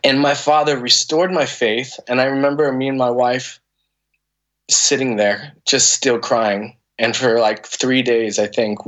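A man in his thirties speaks as a guest on a podcast, sharing a personal story. His voice sits in an ordinary middle pitch, and his delivery is earnest and emotional, full of stops, restarts and fillers as he works through what he wants to say. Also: fairly bright tone. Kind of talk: candid conversational storytelling.

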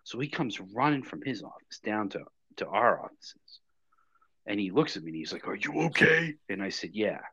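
A man with a deep, husky voice tells a story on a podcast with dry, deadpan delivery. The sound is dull and lo-fi, close and dry. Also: moderate pace, dry recording. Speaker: podcast co-host. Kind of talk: casual chat, storytelling.

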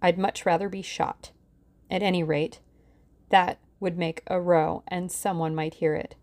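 A woman's voice: fairly low pitch, fairly even intonation, unhurried, a little mellow, natural voice. A woman voicing a frightened but brave young woman in an audiobook, her voice shaky and pleading. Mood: tense. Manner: shaky, pleading, rising to shrieks. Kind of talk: audiobook character reading.

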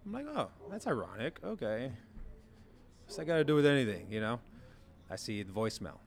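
A young man who played quarterback, telling stories in a casual chat and acting out quoted lines with sudden jumps in pitch. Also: fairly quick. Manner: animated storyteller, acts out quotes with big jumps in pitch. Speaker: former college quarterback guest.

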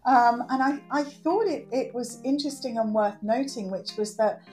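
A woman's voice: a little high, normal speed, soft background music. A middle-aged woman, a guest in an interview, speaking earnestly and acting out quotes. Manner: earnest, animated, acts out quotes. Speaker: guest, works with children. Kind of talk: conversational interview.

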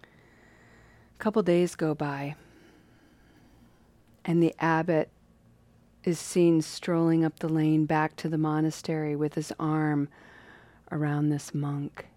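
Woman storyteller, casual and playful, drawn-out phrasing, lowish voice, very slow, dry close sound. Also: flat delivery, mellow, dry recording.

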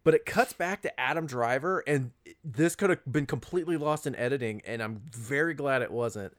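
A man's voice: medium pitch, moderate pace. A man in casual conversation about a film, analytical, often restarting his sentences and quoting scenes. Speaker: podcast co-host.

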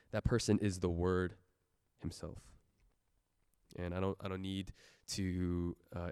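Deep-voiced young man preaching. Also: darkish tone, clear, resonant tone, dry recording, clean studio sound. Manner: earnest, personal, laughs often. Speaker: church speaker giving a testimony. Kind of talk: sermon.

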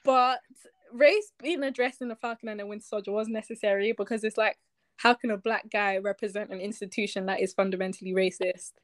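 A woman's voice: mid-range voice, fairly even intonation, brisk, no room sound. A woman, a podcast co-host chatting casually and giving firm opinions. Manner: emphatic, opinionated. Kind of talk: casual chat.

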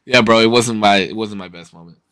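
A man co-hosting a podcast, telling a story in a loose, profane, animated way. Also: fairly low pitch, a little fast, no echo. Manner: profane, animated, swears constantly. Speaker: podcast co-host. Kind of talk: casual storytelling.

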